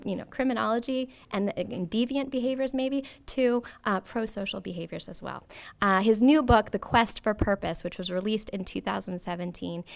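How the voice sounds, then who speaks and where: A woman's voice: mid-range voice, vocal fry, clear, resonant tone. Chatty woman host with frequent ums. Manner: warm, self-deprecating, many ums. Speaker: event host introducing a speaker. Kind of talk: lecture introduction read from notes. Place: lecture hall at a podium.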